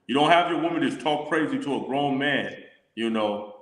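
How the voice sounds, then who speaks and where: A man leading a casual religious discussion, reading scripture slowly and deliberately. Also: mid-range voice, expressive, fairly bright tone. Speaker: scripture teacher. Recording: echoey room with long reverb.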